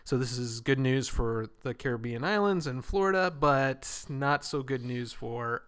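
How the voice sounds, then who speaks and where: A man's voice: mid-range voice, lively intonation, unhurried, a bit bright, clear, resonant tone. A man co-hosting a podcast, telling stories and running through the news in chatty talk full of fillers. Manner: chatty, lots of fillers, storytelling. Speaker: podcast co-host. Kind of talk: casual chat, reading news rundown.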